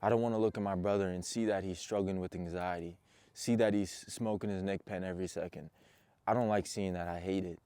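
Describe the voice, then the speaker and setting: A man's voice: deep voice, steady tone, fairly quick, mellow, clear, resonant tone, no echo. A young man, a motivational coach, talking earnestly and intensely straight to his viewers. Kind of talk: personal motivational talk to camera.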